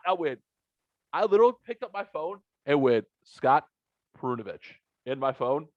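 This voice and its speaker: Animated, swearing man telling a story. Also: on the high side, normal speed, no echo. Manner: animated storyteller, acts out quoted voices, swears. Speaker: podcast co-host. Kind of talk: casual podcast chat. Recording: dull, dry lo-fi recording.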